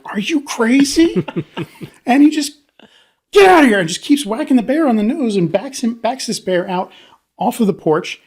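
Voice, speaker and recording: A man's voice: fairly high pitch, a little mellow. A man co-hosting a podcast, telling a funny story in casual chat, laughing often and acting out the voices of the people in it. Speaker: podcast co-host.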